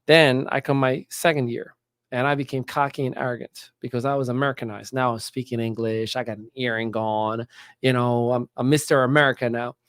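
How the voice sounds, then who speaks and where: Animated man telling stories. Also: medium pitch, fairly quick, clear, resonant tone, no room sound. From Morocco. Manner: animated, acts out quoted voices. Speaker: guest. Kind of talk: casual storytelling.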